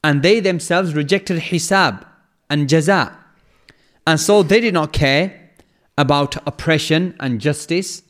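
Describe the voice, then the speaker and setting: A man giving an explanatory religious lecture, speaking in a measured way, repeating phrases for emphasis and reciting verses in Arabic. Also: on the high side, fairly bright tone. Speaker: Quran lecturer.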